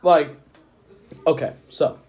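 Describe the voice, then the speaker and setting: A man's voice: slow, over music. A drunk young man rambling through a profane story on a casual podcast. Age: young adult. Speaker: podcast host. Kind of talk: casual chat.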